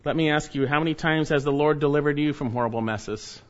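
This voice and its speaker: A man delivers a sermon in a fairly high voice. He is emphatic, swinging between loud urging and low, hushed warnings. The recording sounds dull and lo-fi. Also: quick pace. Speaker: pastor.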